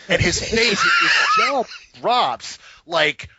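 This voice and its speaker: A man, a podcast co-host, tells a long story in casual talk. He is animated and profane, and he acts out each person in it. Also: on the high side, measured pace, slightly rough. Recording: slightly dull, dry recording.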